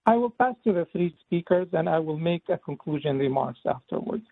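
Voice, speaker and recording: A man giving a solemn, measured invocation prayer to open a public meeting. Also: on the high side, lively intonation, vocal fry, dry recording. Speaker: invited faith leader giving the opening prayer. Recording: tinny phone line.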